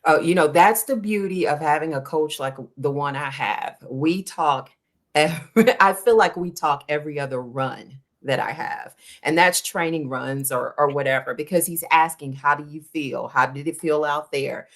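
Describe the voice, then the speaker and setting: A woman's voice: low voice, moderate pace. A woman guest on an interview show, talking casually and animatedly about working with her running coach, acting out quoted conversations. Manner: animated storytelling, acts out quoted dialogue. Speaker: guest, endurance runner.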